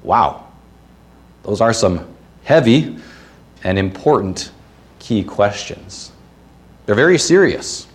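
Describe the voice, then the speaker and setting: A man's voice: fairly low pitch, very animated, slow, long pauses. A man preaching a sermon as the pastor of a church, earnest and reading scripture, with playful asides and puns.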